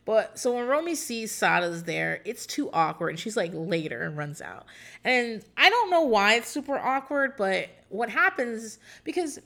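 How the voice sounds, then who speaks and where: A woman's voice: on the high side, very animated, moderate pace, gravelly, fairly bright tone. A woman in casual talk, rambling and swearing freely as she recaps a show, with frequent laughs and filler words. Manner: profane, rambling, chatty, often laughing.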